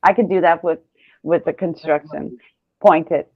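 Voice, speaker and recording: A woman in casual chat, dropping in soft asides between laughs. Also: sits low, steady tone, moderate pace, dry recording, highs cut off.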